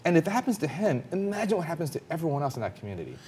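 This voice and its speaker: A man commentator telling a personal story in a panel talk, earnest and emphatic, his intensity rising quickly. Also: on the high side, very animated, darkish tone, slight background noise.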